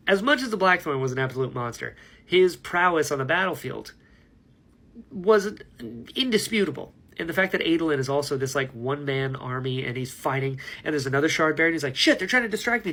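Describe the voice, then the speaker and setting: A man's voice: on the high side, bright, forceful tone. A man talking casually to camera about a book he is reading, rambling and enthusiastic, laughing at himself. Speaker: book vlogger. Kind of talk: casual book reaction vlog.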